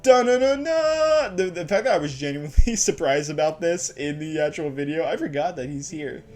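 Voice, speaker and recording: A man's voice: a little high, fairly quick, darkish tone, soft background music. A man casually commentating his gameplay, rambling and laughing at himself. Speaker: let's play host.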